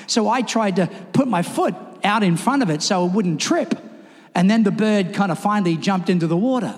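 A man preaching a sermon in a church, telling stories and acting them out with lively, rising delivery. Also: normal speed. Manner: animated, acts out his stories with rising pitch. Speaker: pastor. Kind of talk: sermon with storytelling. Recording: reverberant church hall with music.

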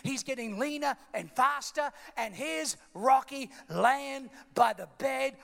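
A man's voice: extremely high pitch, moderate pace, vocal fry, fairly bright tone. A man preaching a sermon, dramatically retelling a story and acting out its scenes. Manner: dramatic, emphatic, acts out scenes. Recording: long hall reverb.

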